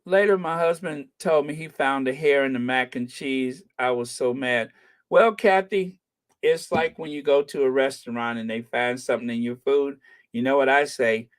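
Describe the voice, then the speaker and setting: A middle-aged man chats about travel in an easygoing, rambling way, joking and thinking aloud as he goes. His voice sits at an ordinary pitch. The room is dry and close, with no echo. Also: fairly even intonation, moderate pace, smooth. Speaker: travel vlogger. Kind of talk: casual chat.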